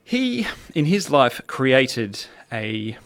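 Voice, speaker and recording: Aussie guy chatting on his music podcast, jokey, a bit of fry in his voice. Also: medium pitch, very animated, very slow, fairly bright tone. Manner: playful, chatty, jokey asides. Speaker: podcast host. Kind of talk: casual music podcast chat.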